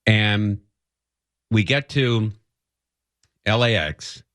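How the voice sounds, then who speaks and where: A man's voice: on the low side, drawn-out words, a bit bright, no echo. A man hosting a radio talk show, telling rambling, self-mocking stories in casual chat from a studio microphone.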